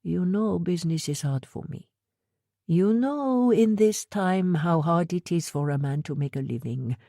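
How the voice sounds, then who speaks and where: Woman putting on a tall shopkeeper guy w/ heavy accent, quick clipped bursts, low voice, dry sound. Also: lively intonation, vocal fry, dark tone, dry recording. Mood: worried. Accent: heavy foreign accent, put on. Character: Mr. Anand, tall male shopkeeper, brisk.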